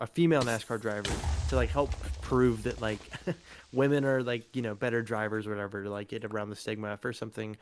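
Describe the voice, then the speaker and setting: A man's voice: medium pitch, a little hiss or hum. A man hosting a live stream, chatting casually while gaming, rambling with lots of fillers and laughter.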